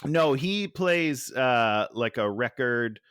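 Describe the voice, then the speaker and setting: A man's voice: mid-range voice, expressive, slow pace, fairly bright tone, clear, resonant tone, no echo, studio quality. A man co-hosting a casual movie podcast, making wry, teasing remarks in short replies. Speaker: podcast co-host.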